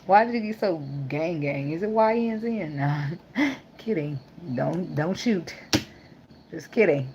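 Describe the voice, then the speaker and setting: A woman's voice: deep voice, expressive, unhurried, mellow, highs cut off, slight background noise. A young woman giving a casual tarot reading, blunt, joking and full of swearing. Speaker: tarot reader.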